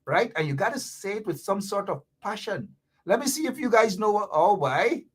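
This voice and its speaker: A woman with a Guyanese accent, a political commentator, talks to livestream viewers about politics and playfully teaches local Creole phrases. Her medium-pitched voice is animated, brisk and slightly rough.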